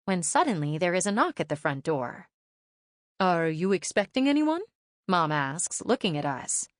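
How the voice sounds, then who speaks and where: A woman reading a children's audiobook aloud in first person, lively and expressive storytelling. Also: lowish voice, no echo, clean studio sound. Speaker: audiobook narrator.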